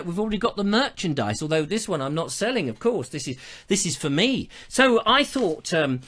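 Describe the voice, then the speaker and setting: A man's voice: high-pitched, sing-song, moderate pace, sharp tone. A middle-aged man, hosting a live online show and telling stories in a chatty, theatrical way. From England. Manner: chatty, theatrical storytelling with playful asides. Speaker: show host. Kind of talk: casual live-stream chat.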